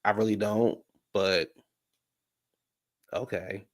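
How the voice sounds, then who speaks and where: A man's voice: on the low side, steady tone, slow. A man recapping a reality show in casual commentary, sassy and profane, talking straight to his viewers.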